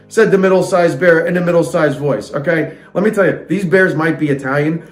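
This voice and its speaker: A man's voice: on the high side, fairly quick, reverberant, faint music behind. A man reading a fairytale aloud and breaking off into sarcastic, indignant comic rants. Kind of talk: comic storybook reading with ranting asides.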